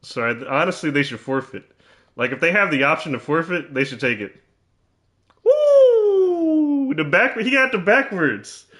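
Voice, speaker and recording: A man's voice: mid-range voice, a little fast, bright, forceful tone. A man commentating his own basketball video game, teasing and trash-talking in a mock-serious way and often repeating himself.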